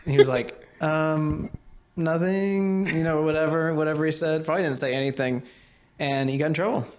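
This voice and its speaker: A man's voice: a little high, fairly even intonation, quick pace, darkish tone, slight background noise. A young man co-hosting a podcast, chatting casually and telling rambling stories with lots of fillers and laughter. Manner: rambling storyteller, many fillers, laughs often. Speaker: podcast co-host. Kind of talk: casual chat.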